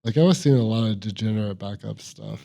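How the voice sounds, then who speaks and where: A man's voice: lowish voice, fast, gravelly, warm tone. A man co-hosting a podcast in casual chat, laughing often and saying "like" a lot. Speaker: podcast co-host.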